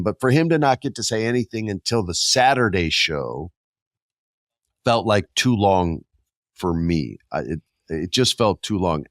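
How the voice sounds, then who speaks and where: Animated middle-aged podcast host, low voice. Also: male voice, no room sound, studio quality. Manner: animated, jokey, swings pitch for emphasis. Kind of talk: casual podcast chat.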